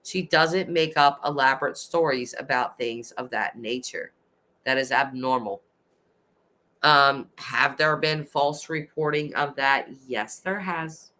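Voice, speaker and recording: A woman's voice: rumbling low, slow pace, bright, forceful tone. A woman in her thirties hosting a casual livestream, reading chat aloud and ranting with passion, swearing now and then. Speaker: livestream host.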